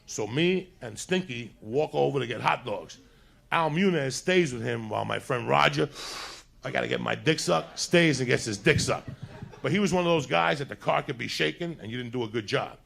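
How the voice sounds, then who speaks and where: A man with a New Jersey accent telling a profane crime story in an animated, loud way. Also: mid-range voice, normal speed, creaky, a little hiss or hum. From North Bergen, New Jersey.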